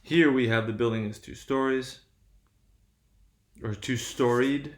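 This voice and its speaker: A man's voice: medium pitch, fairly even intonation, measured pace. A man gives a lesson as a lecturer, explaining patiently and checking with his listeners after each point. He often breaks off and restarts a phrase. His mid-range voice rings in an echoey room. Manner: explanatory, frequent "right?" checks and self-corrections. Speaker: linguistics lecturer. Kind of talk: classroom lecture on stress patterns.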